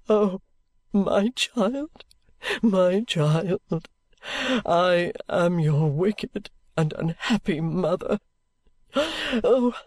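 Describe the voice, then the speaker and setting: A woman reading a novel aloud as a first-person audiobook narrator, with a calm, even storytelling delivery. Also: fairly high pitch, no room sound. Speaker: audiobook reader.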